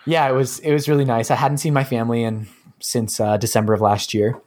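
A man's voice: medium pitch, flat delivery, fairly quick, darkish tone. A man co-hosting a casual podcast, telling a story in an easygoing way with frequent ums. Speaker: podcast co-host.

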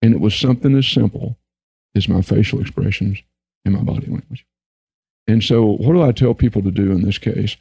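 A man telling a personal business story in an earnest, relaxed conversational way, then giving practical advice over a remote call. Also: on the low side, brisk, gravelly, slightly rough, dry recording, rough recording. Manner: relaxed, earnest, anecdotal with frequent restarts. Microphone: remote video call.

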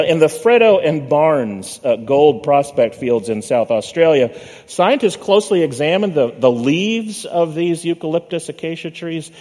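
A male pastor preaching a sermon in a church sanctuary. He uses a measured preaching cadence, slowing down and dropping low on the words he wants to land. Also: darkish tone. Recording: long reverb of a church hall.

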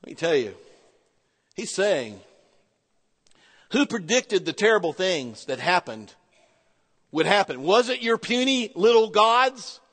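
Man, pastor, sermon, very lively pitch, loud and hushed by turns, long hall echo. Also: takes it slowly, long pauses. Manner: animated preaching, swinging from loud to hushed.

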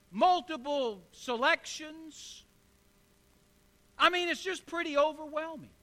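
A man's voice: very high voice, sharp tone. A man in his sixties preaching a sermon, telling stories with emphatic, repetitive rhetoric. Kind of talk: sermon with storytelling.

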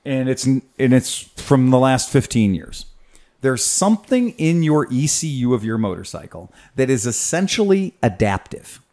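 Man, mid-pitched podcast host and bike mechanic, swears casually, explains things step by step. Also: very animated, moderate pace, darkish tone. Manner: profane, patient step-by-step explainer.

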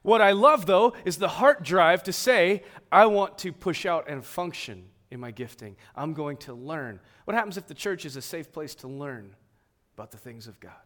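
A man preaching a sermon, swinging between emphatic, raised passages and quiet, hushed ones. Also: high-pitched. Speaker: pastor.

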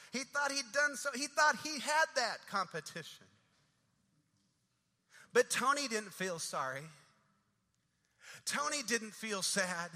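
A man's voice: extremely high pitch, sharp tone. A man preaching a sermon, building dramatic rhythmic refrains that swell and fall. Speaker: pastor. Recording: long reverb of a large hall.

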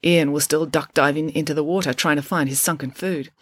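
A woman narrating a children's adventure book in an expressive storytelling manner. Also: sits low, brisk, no room sound, clean studio sound. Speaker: audiobook narrator.

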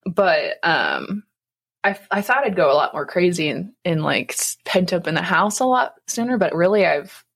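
A woman's voice: lowish voice, big pitch swings, normal speed, creaky, a bit bright, breathy edge. A young woman co-hosting a casual faith podcast, rambling with many fillers and frequent laughs. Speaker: podcast co-host.

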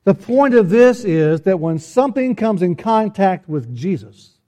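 A man's voice: high-pitched, very animated, measured pace, dark tone. A man, a pastor, preaching a conversational sermon with folksy humor and rhetorical questions, often restarting his sentences. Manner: frequent restarts and repeated words.

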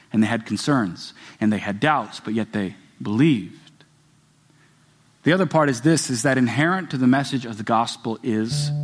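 A man preaching a sermon as a pastor, earnest and repetitive, building emphasis as he speaks. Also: high-pitched. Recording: music playing behind the voice. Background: soft guitar music.

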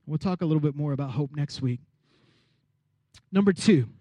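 High-pitched guy preaching a sermon, lots of energy, gets the crowd to repeat after him, dry close sound. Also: moderate pace, no echo, highs cut off. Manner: energetic preaching with call-and-response; acts out voices of people in the story. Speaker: pastor.

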